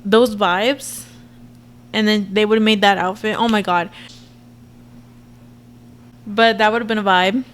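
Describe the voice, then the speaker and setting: A woman in her twenties giving a chatty, expressive reaction commentary to her viewers. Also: medium pitch, measured pace, pauses often. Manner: chatty and expressive, frequent laughs and asides to viewers. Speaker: reaction vlogger.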